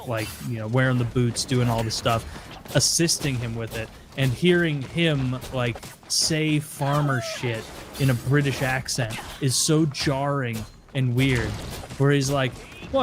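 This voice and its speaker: A man's voice: mid-range voice, background noise. A young adult man hosting a podcast, chatting casually and rambling with lots of fillers. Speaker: podcast host. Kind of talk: casual chat.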